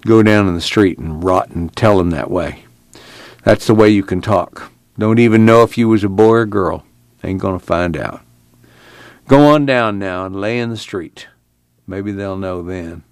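A man's voice: sits low, a little slow, no echo. Seorang pria memerankan paman petani paruh baya yang murung dan berduka, berbicara dengan dialek pedesaan. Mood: fierce. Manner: rural dialect, sullen then fierce. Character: sullen grieving middle-aged farmer uncle.

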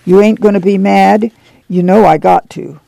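A man reads as a weary farmer weighed down by guilt, his words coming in a sad, slow drawl. The voice is deeply gravelly and dark in tone, recorded dry and close. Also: fairly even intonation, no room sound. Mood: sorrowful. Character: remorseful weary middle-aged farmer man.

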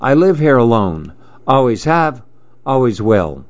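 A grumpy reclusive boy from a storybook, fussy and exclaiming, as a man reads him aloud. The voice jumps up high and swings widely in pitch. It sits on a slightly dull, lo-fi recording. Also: sing-song, a little slow, a little mellow, no room sound. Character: grumpy reclusive boy who wants to be alone.

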